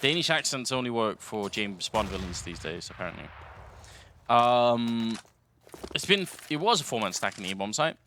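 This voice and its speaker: Man, esports play-by-play caster, bright voice, faint background noise, dry humor. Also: mid-range voice, animated, moderate pace. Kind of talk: live play-by-play commentary.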